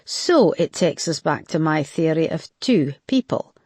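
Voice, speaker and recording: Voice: medium pitch, measured pace, husky, no room sound. An audiobook narrator voicing a big, easygoing Scottish detective constable who reasons through a case. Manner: relaxed, reasoning aloud. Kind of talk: audiobook character voice.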